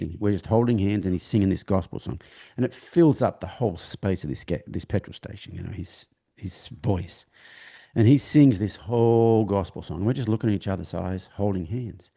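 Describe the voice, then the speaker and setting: A man tells a long personal story during an interview, halting and restarting as he acts out what people said. His voice is low and dark, with a gravelly texture. The delivery is conversational. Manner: halting, with many restarts, acting out quoted dialogue. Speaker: horse trainer, interview guest.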